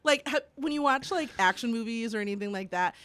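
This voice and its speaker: A woman co-hosting a casual podcast, giggling often and acting out quoted lines in a lively way. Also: on the high side, fairly quick, slight background noise. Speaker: podcast co-host. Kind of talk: casual chat.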